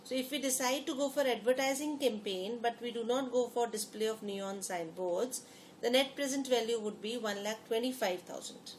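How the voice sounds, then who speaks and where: A woman's voice: on the high side, a little hiss or hum. A woman teaching a lesson. She often repeats phrases and puts questions to her students. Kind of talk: lecture explaining to students.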